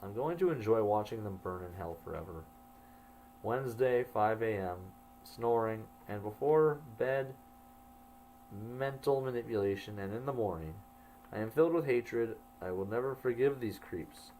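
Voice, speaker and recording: A man's voice: fairly low pitch, animated, moderate pace, darkish tone, a little hiss or hum, poor audio. A man telling his own story, reading his old journal entries aloud and adding wry asides. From Canada.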